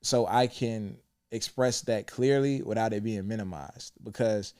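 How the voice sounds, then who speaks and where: A man's voice: fairly low pitch, a little slow, darkish tone, smooth. A young man hosting a podcast, talking candidly and reflectively with frequent swearing. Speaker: podcast host. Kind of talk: casual chat.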